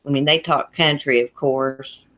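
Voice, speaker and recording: A woman with a deep, low voice and a thick Appalachian country accent, from a small mountain town in Southwest Virginia. She hosts a relaxed livestream, chatting folksily with her viewers and laughing easily. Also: unhurried. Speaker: YouTube livestream host. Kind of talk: casual livestream chat reading comments.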